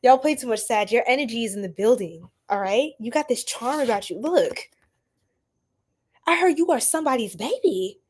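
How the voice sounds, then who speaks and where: A young adult woman hosting a tarot reading livestream, chatting casually with viewers in an animated, slangy way and laughing often. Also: on the high side, normal speed. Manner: animated, laughing, preachy slang-filled asides. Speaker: tarot reader livestream host.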